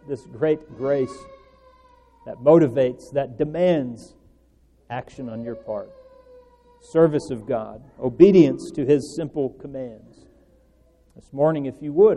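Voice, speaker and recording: A man preaching an earnest sermon, pressing certain words and letting his phrase endings trail off softly. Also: a little high. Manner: earnest, rising and falling emphasis with soft trailing endings. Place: church hall. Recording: long church reverb.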